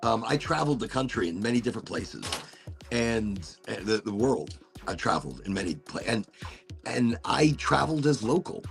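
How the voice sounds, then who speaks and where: A man's voice: lowish voice, lively intonation, moderate pace, creaky, soft background music. A male host running a casual livestream chat show, rambling playfully and swearing freely.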